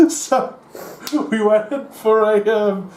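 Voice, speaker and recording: Worn-out guy rambling through a tabletop game recap, mellow tone, roomy echo, bit of hiss. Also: sits high, drawn-out words. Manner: tired, rambling, self-mocking. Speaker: tabletop wargame player and co-host. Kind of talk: casual battle-report chat. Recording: echoey room with faint hiss.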